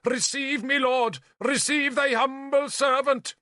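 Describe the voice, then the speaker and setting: A man voicing a self-pitying bishop who wails, pleads and snaps in a high, strained voice. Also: steady tone, slow, bright, forceful tone, dry recording, clean studio sound, exaggerated voice. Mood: hysterical. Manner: wailing, melodramatic, pleading. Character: shrill, hysterical, self-pitying old bishop.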